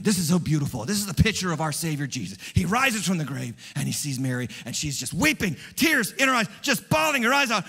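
A man preaching an Easter sermon as pastor, animated, dropping to a hush and then rising loud and fast. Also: high-pitched, long reverb tail. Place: large church hall.

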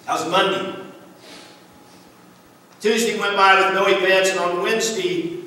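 High-voiced pastor in an echoey church. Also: male voice, bright, forceful tone. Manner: storytelling, earnest. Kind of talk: sermon. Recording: echoey church hall from far off.

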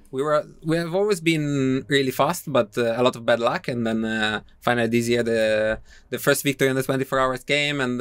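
A man in his thirties from Italy with an Italian accent, chatting as a podcast guest in halting English, pausing often and laughing easily. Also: medium pitch, a bit bright, clear, resonant tone, dry recording. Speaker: guest racer. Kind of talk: casual podcast chat.

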